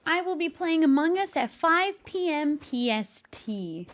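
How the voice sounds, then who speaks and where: A woman's voice: high-pitched, big pitch swings, a little slow. A woman streamer chatting casually with her live viewers, laughing often and talking to her cat between thoughts.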